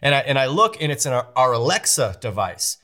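A man in his thirties, a pastor telling a family story in a sermon, animated and acting out the voices of his wife and kids. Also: mid-range voice, fairly quick. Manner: animated, acts out family dialogue with playful voices.

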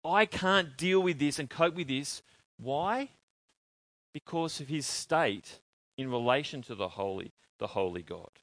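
A man delivers a lively sermon, tossing questions out to his congregation and pressing on with his point. His voice sits a bit higher than most men's. The sound is dry and close to the mic, with hardly any room around it. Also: dry recording. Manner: animated, asks the congregation questions. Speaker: preacher.

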